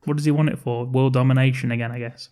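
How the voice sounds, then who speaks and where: A man's voice: mid-range voice, fairly even intonation, fast talker, dark tone. A man, co-hosting a podcast and rambling through a film's plot, swearing and laughing as he goes. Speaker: podcast co-host. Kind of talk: casual film-review chat.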